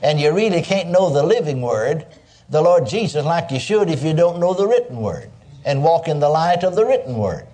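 An older man delivers a sermon at a moderate pace, his warm, mellow voice sitting fairly high for a man. His style is homey and animated, with praise asides scattered through his points.

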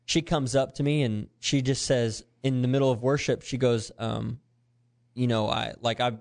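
A man's voice: medium pitch, normal speed, vocal fry. A man, a youth pastor, animatedly telling a story in conversation and acting out the voices of the people in it. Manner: animated, acts out quoted voices, earnest.

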